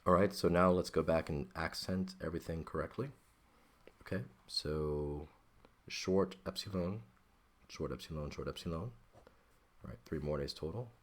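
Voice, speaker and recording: A man's voice: extremely low pitch, normal speed. A man teaching a Greek grammar lesson, working patiently step by step and often checking in with "okay?".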